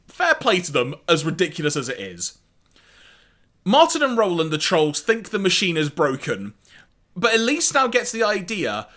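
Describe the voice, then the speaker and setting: A man co-hosting a podcast, recapping an episode in a casual, animated way with wry asides and laughs. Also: high-pitched. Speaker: podcast co-host.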